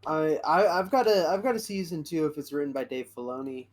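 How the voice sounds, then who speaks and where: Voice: mid-range voice, lively intonation, brisk. A podcast co-host rambling through a fan theory in casual chat, full of restarts. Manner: rambling, many restarts and fillers.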